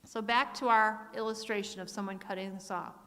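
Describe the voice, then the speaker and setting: In a reverberant church sanctuary, a middle-aged woman gives a sermon, reading Bible verses and telling family stories in which she performs relatives' voices. She talks a little fast in a steady, medium-pitched voice with a slightly bright tone.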